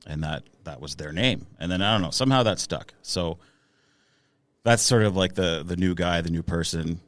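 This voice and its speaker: A man's voice: sits low, moderate pace, fairly bright tone, no room sound. A man in his thirties, a musician guest on a casual podcast, talking with hesitant fillers and restarts.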